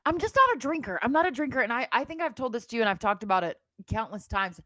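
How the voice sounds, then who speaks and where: A woman in her thirties co-hosting a podcast in casual chat, animated and joking, quick to tease. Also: a little high, no room sound. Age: 30s. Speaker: podcast co-host.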